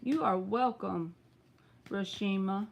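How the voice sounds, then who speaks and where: A woman's voice: medium pitch, slow, creaky, a little hiss or hum. A woman with a Southern US accent reads tarot cards live. She talks in a chatty, direct way and answers viewers by name. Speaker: tarot reader. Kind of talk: live-stream tarot reading.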